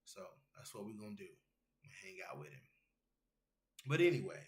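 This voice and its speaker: A man's voice: fairly low pitch, sing-song, brisk, long pauses, reverberant. Casual profane man chatting with his stream. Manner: loose, rambling and profane, reads chat messages aloud. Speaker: MMA show host. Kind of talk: casual livestream chat with viewers.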